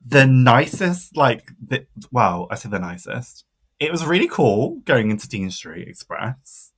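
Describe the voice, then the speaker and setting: A man's voice: mid-range voice, big pitch swings, measured pace, fairly bright tone, slightly rough. A man co-hosting a podcast in casual chat, chatty and laughing often, trailing off with ums. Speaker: podcast co-host.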